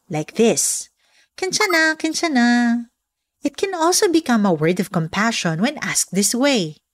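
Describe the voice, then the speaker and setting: Lively woman podcast host. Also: mid-range voice, dry recording. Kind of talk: scripted podcast narration.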